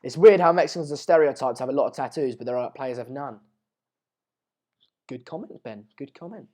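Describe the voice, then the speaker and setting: A young man, hosting a casual live match watch-along, reading out viewer comments in a chatty, rambling way and sounding slightly hoarse. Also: mid-range voice, a little fast, mellow. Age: late teens. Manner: chatty, rambling, restarts mid-sentence, calls viewers mate and pal. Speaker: live stream host.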